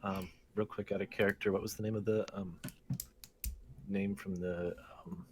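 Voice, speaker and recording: A man playing a tabletop game, hesitant and halting, with keyboard clicks faint behind. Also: low voice, flat delivery, a little mellow, a little hiss or hum. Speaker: player. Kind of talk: casual tabletop play.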